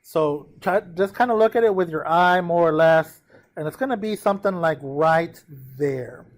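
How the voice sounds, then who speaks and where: A man's voice: on the high side, moderate pace. Upbeat man teaching a math lesson. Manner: checks in often with the class, counts numbers aloud. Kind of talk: classroom lesson, working through a graph.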